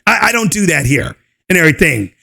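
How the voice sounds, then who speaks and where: A man's voice: fairly high pitch, big pitch swings, fast talker, gravelly, sharp tone. A man hosting his own channel, delivering a mocking, scornful rant and laughing often. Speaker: channel host. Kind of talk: ranting commentary video.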